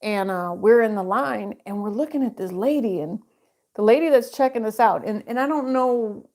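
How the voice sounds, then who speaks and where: A woman's voice: a little high, animated, moderate pace, a little mellow. A middle-aged woman giving a casual, rambling psychic tarot reading, full of fillers and self-interruptions.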